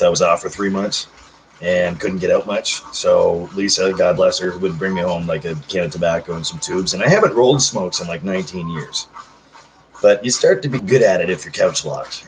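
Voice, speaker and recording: A man's voice: low voice, a little hiss or hum, rough recording. A man in his thirties chatting casually on a livestream, reading out comments in a rambling, self-joking way. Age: 30s. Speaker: livestream host.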